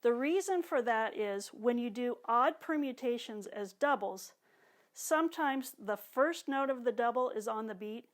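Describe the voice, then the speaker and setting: A woman teaching drum exercises, calmly cueing each one while she plays. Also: on the high side, measured pace. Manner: calm, counts and cues exercises while playing. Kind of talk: instructional demonstration. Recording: talk over loud drumming and metronome.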